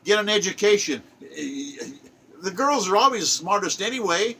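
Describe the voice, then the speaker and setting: His voice sits high, creaky and husky with a sharp tone, moving at a measured pace. The older man is a self-published poet giving an exhortative, preachy monologue, driving each point home by saying it again.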